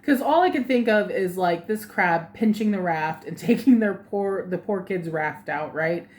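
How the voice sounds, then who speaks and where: A woman vlogger living in Japan, telling a funny personal story in a casual, animated way, laughing often and acting out the voices of the people in it. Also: mid-range voice, normal speed. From lives in Japan.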